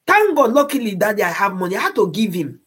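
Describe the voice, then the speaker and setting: A woman's voice: mid-range voice, sing-song, fast, husky. A woman with a Nigerian accent giving earnest moral advice, slipping into Pidgin phrases and repeating words as she searches for them.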